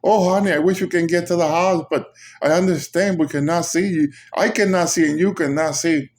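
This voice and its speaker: A man's voice: on the high side, steady tone, brisk, voice pushed up, natural voice. A man quoting his frightened, anxious wife. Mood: worried. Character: frightened wife, middle-aged woman, anxious.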